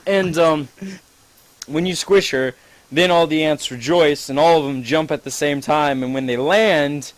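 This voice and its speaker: A man's voice: on the high side, a little slow, dry recording, rough recording. A man improvising a rambling, profane, gleefully gross story to a friend, full of "like"s.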